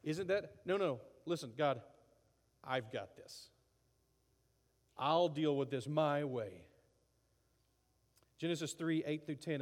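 A man delivering a sermon with lively energy, slipping into acted-out voices for the people he quotes. His voice sits a little high for a man. A long reverb trails each phrase, as in a large hall. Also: takes it slowly, long pauses. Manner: animated, acts out voices. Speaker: pastor.

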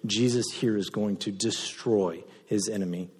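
A man pastor preaching a sermon, moving between loud impassioned passages and soft, low delivery. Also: steady tone, normal speed, few pauses, slightly rough. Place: church sanctuary. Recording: reverberant hall sound.

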